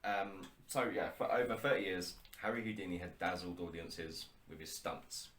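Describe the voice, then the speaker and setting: Deep-voiced jokey man in a roomy space. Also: normal speed, fairly bright tone, a little hiss or hum. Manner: jokey, rambling, self-mocking. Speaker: podcast co-host. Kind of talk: casual chat. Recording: roomy echo.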